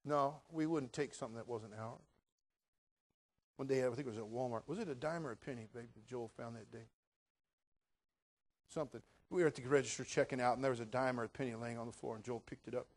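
An older man preaching a folksy sermon as pastor, swinging between quiet asides and loud emphatic lines. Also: medium pitch, quick pace, pauses often. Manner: folksy, jokey, addresses crowd as brother.

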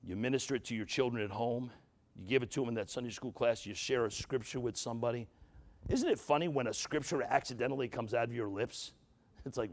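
A man's voice: medium pitch, moderate pace, pauses often. An older man, a grandfather, preaching a sermon to a church with folksy jokes and rising, emphatic exhortation. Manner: folksy, joking asides, rises to emphatic exhortation.

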